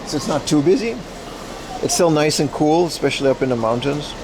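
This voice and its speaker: A man's voice: on the high side, a little fast, background noise. A man from the Netherlands hosting a casual outdoor livestream, rambling and laughing as he walks through a rainy mountain town. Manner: chatty, rambling, laughs often. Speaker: livestream host. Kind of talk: casual IRL livestream chat.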